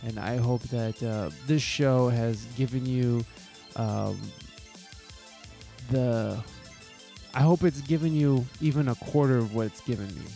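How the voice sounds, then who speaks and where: A man's voice: mid-range voice, unhurried, vocal fry, warm tone, soft background music. Earnest man talking on his podcast. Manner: earnest, heartfelt, swears casually, many restarts. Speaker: podcast host. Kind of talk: solo podcast talk.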